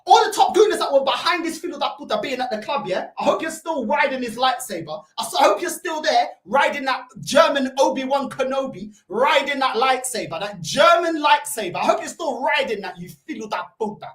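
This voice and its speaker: A woman with a London accent hosting a football fan stream, ranting heatedly, shouting and swearing, and dropping into Portuguese curses. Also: high-pitched, lively intonation, a little fast, few pauses. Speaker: football fan channel host. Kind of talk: ranting live-stream reaction. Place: room at home by a computer. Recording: roomy echo.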